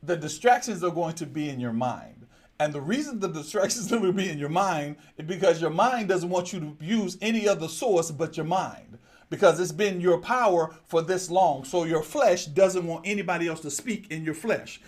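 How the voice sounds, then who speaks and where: A male preacher delivers a sermon in a fairly high voice. He talks straight to the congregation and repeats his phrases. He drops to low murmurs, then breaks into loud exclamations. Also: normal speed.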